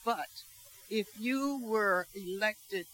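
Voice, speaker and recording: An audience member asking the guest a question, speaking in a hesitant, halting way. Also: mid-range voice, very noisy.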